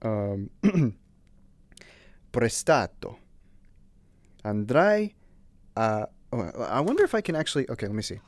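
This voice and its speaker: A man's voice: medium pitch, sing-song, measured pace, pauses often, no room sound. A man streaming and chatting casually, giggling and mocking himself as he goes. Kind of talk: casual gaming stream chat.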